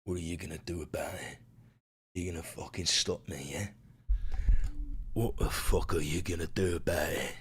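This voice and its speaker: A man voicing a swaggering male intruder who growls low, profane taunts. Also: steady tone, normal speed, long pauses, fairly bright tone, a little hiss or hum. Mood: taunting.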